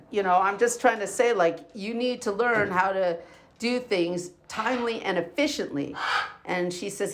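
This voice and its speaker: A woman's voice: fairly low pitch, a little slow. Middle-aged woman venting angrily. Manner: profane, ranting, sarcastic. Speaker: vlogger. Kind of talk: angry personal venting monologue. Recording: faint background noise and clicks.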